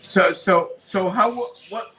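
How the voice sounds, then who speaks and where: Hesitant man, fairly high voice. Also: takes it slowly, bright, forceful tone, rough recording. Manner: hesitant, repeats words, agreeable. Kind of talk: casual live-stream chat.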